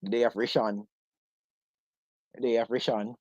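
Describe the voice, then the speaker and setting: A man's voice: medium pitch, little pitch movement, moderate pace, darkish tone, no room sound, lo-fi sound. Jokey British man on a livestream. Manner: jokey, chatty, laughs often. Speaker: host of a live online discussion. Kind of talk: casual livestream chat.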